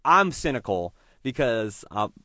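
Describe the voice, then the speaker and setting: A man's voice: mid-range voice, big pitch swings, unhurried, sharp tone, no echo, studio quality. A male comedian chatting casually, telling stories, acting out quotes and laughing often. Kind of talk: casual podcast chat.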